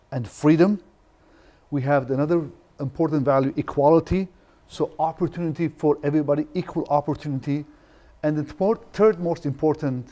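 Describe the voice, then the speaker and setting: A man's voice: on the high side, warm tone. A man appearing as a guest on a talk show, speaking earnestly and passionately. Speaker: guest activist.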